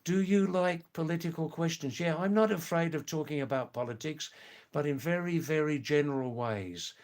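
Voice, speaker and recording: An older man from England, hosting a live stream, chatting casually with viewers in a slow, rambling way full of hesitant fillers. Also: on the high side, a little mellow. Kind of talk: casual live chat reading viewer comments.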